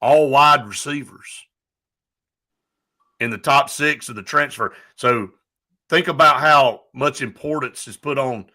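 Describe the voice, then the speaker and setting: A man hosting a casual sports talk show, telling stories in an animated, opinionated way. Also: mid-range voice.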